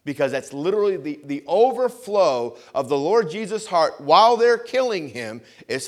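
A man preaching a sermon, repeating phrases for emphasis and swinging between loud emphatic lines and quiet asides. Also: fairly high pitch, big pitch swings, normal speed, few pauses. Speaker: pastor.

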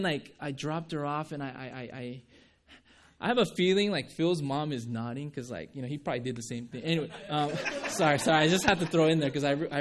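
A pastor with a medium-pitched voice delivers a sermon, sharing a personal testimony in an earnest, conversational way. He restarts his sentences often and laughs lightly.

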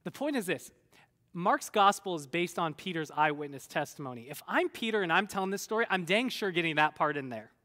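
A high-voiced man preaching in a big hall, his bright, forceful voice trailing off into long reverb. He tells Bible stories like a storyteller, slipping into the voices of the people in them. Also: brisk. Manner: animated storyteller, acts out voices of biblical figures. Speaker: pastor. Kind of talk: sermon.

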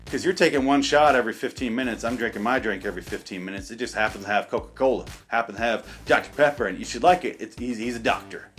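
A man's voice: mid-range voice, fast, hardly any pauses, fairly bright tone, soft background music. A man hosting a podcast, delivering a profane, sarcastic comedic rant that stumbles over its own restarts. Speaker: podcast host.

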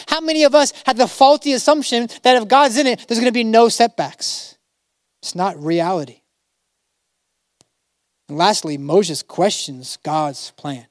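A man's voice: extremely high pitch, no echo, clean studio sound. A man preaching a sermon as a pastor, dramatically acting out biblical figures in casual modern speech.

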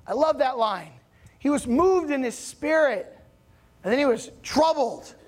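A man preaching a conversational sermon as pastor in a church, keeping a chatty, animated tone and often checking that his congregation follows along. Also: very high-pitched, unhurried. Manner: animated, rising emphasis on key points.

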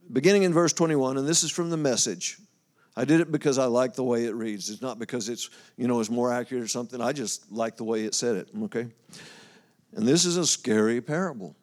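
A man preaching a sermon in a casual, folksy way, reading scripture aloud and talking it over with his congregation. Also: medium pitch. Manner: folksy, talks to the congregation, loses his place and laughs.

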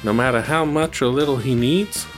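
A man reading the part of a pained, pleading young woman in a storybook reading, raising his pitch for her. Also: normal speed, soft background music, close to an everyday voice. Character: worried young woman Ranger.

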